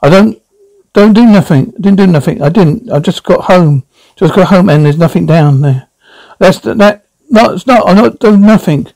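A man's voice: high-pitched, moderate pace, a little mellow, poor audio. A man voicing a frightened, meek middle-aged salesman who stammers and pleads in a one-man radio drama. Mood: denying.

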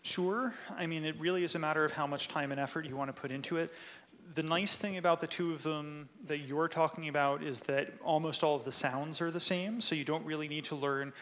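A man's voice: a little high, fairly even intonation, brisk, a bit bright, slight background noise. A man, a linguist presenter, answering audience questions at a talk in a casual way, often saying "like" and "right?". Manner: casual, many "like" and "right?" tags.

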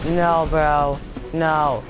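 Streaming a shooter game over background game music, a male gamer offers casual live commentary and playfully taunts enemies with mock-tough talk. His voice is a little high, his tone level, and he draws out his words.

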